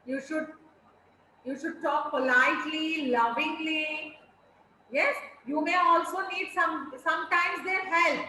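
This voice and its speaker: A woman teacher with an Indian English accent, telling a story slowly and expressively to children in an online class. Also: high-pitched. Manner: slow, expressive storytelling with acted-out pleas. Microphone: video call. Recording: very echoey room with faint noise.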